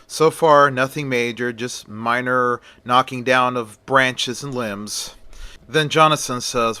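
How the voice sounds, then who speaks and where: A man's voice: medium pitch, moderate pace, pushed and bright, smooth, no echo. A man telling a horror story in a loose, conversational way, narrating the scenes himself. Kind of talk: casual retelling of a horror story.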